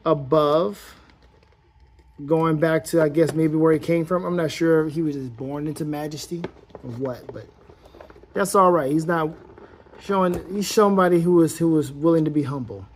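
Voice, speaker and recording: A man's voice: on the high side, moderate pace, a little hiss or hum. Playful rambling man reviewing toys. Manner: rambling and playful, thinks aloud while posing the figure. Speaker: toy collector reviewing action figures. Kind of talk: casual unboxing-style toy review.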